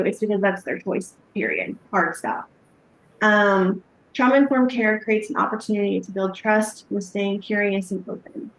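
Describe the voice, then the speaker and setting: A woman giving a live training talk on trauma-informed care, conversational, with frequent fillers and acted-out sample questions. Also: mid-range voice. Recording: echoey room.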